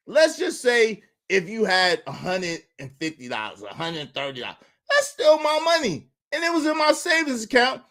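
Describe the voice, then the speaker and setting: A man hosting a livestream show, telling a story as an animated rant, indignant and incredulous, repeating phrases and bursting into loud outbursts. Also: high voice, normal speed.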